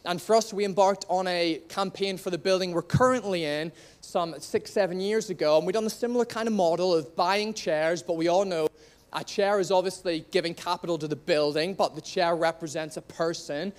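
Lively Northern Irish pastor preaching. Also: male voice, high-pitched, fairly quick. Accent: Northern Irish, slightly anglicized. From Northern Ireland. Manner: lively, joking with the congregation. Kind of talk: sermon. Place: church hall.

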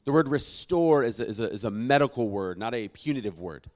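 A man preaching a sermon as pastor, swinging between loud emphatic lines and quiet asides. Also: mid-range voice, expressive, fairly quick.

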